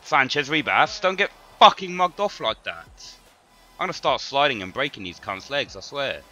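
A man's voice: mid-range voice, sing-song, normal speed, sharp tone. A man live-streaming a football video game, swearing and ranting in frustration at his players. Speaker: gaming streamer. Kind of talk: live gameplay commentary. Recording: dull lo-fi stream audio with faint music.

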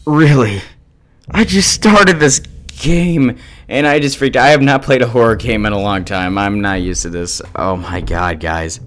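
A man doing let's play commentary of a horror game from his home studio, breaking into panicky screams and loud swearing. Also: lowish voice, steady tone, moderate pace, hardly any pauses, smooth. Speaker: gaming YouTuber. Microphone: desk mic, no webcam. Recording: game music playing behind. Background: game music.

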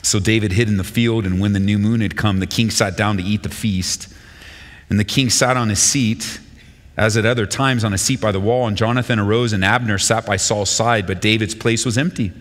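A male pastor giving a sermon and reading scripture aloud, with an animated delivery that jumps higher in pitch when he quotes speakers. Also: a little fast. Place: church sanctuary. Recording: long hall reverb.

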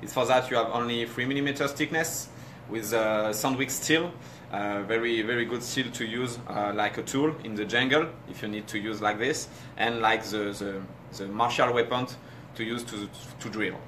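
A bright-voiced man with a French accent, a native French speaker, talks in halting English, pausing often to find his words. A faint noise runs under him. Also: medium pitch. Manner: short agreeing replies, halting English. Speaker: guest.

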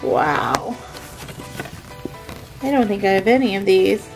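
A woman's voice: mid-range voice, lively intonation, takes it slowly, vocal fry, music in the background, rough recording. A woman narrating a toy unboxing in a sweet, gushing, sing-song way.

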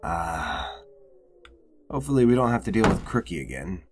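A man's voice: low-pitched, very animated, moderate pace, background noise. A young man commentating casually on a horror game, swearing often and getting exasperated. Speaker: gamer. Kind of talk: let's play commentary.

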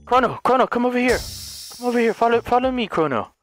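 A gaming YouTuber, a man, chatting excitedly and laughing with friends during a game, with sudden loud outbursts. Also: very high voice, fast talker, soft background music. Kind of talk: casual gameplay chat.

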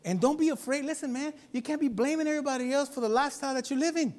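A male pastor preaching at a church service, swinging from loud exhortation to softer speech and calling out to the congregation for a response. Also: very high-pitched, racing, hardly any pauses. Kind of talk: sermon.

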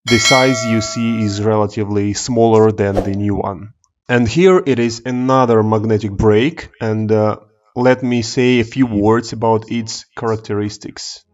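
A man's voice: fairly low pitch, fairly even intonation, unhurried. Man explaining test gear, lo-fi. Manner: explanatory, hesitant with fillers and restarts. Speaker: engineer presenting a product demo. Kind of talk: technical demonstration.

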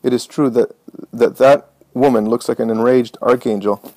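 A man narrating an audiobook in a measured, dramatic reading voice. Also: mid-range voice, steady tone, warm tone, no echo, low-quality recording. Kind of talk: scripted narration.

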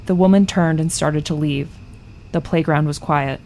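Low, gravelly woman narrating a news story. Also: steady tone, moderate pace, dark tone, a little hiss or hum. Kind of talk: scripted narrative journalism.

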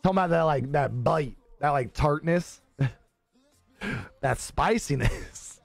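A man's voice: fairly high pitch, lively intonation, slow, vocal fry, no echo. A young man on a live stream chatting casually with viewers, laid-back and joking, swearing freely and laughing often. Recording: dry close-mic with faint music behind.

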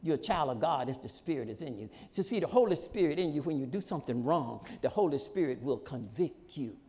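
A male pastor preaching a sermon in a folksy, repetitive style, with shouted peaks and laughter between points. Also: fairly high pitch, lively intonation, fairly quick, big-room sound. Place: church sanctuary.

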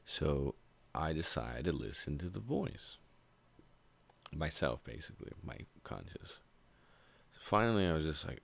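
A man's voice: a bass voice, expressive, unhurried, creaky. A young man telling a storytime tale in a casual, profane, laid-back rambling way. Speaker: vlogger. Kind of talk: storytime monologue.

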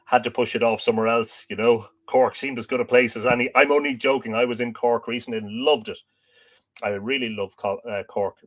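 A man's voice: medium pitch, fairly even intonation, fairly quick. Irish man, livestream host, casual chat, jokey asides, greets viewers by name. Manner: greets viewers by name and jokes between reading comments.

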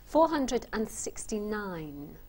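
Brisk woman calling out numbers. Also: medium pitch, sing-song, dark tone. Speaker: numbers game co-presenter. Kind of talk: game show presenting.

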